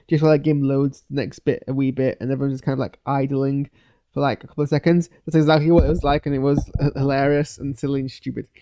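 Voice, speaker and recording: A man giving a loose, hesitant live reaction to a TV episode, full of fillers and restarts, with sudden bursts of excitement. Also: a little high. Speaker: video reviewer. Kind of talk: live post-watch reaction.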